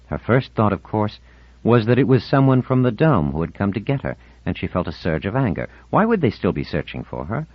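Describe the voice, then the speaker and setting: A deep-voiced man narrates an audiobook with a lively, expressive rise and fall. The sound is dry and a little dull. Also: no echo. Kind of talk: scripted narration. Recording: dull, dry studio recording.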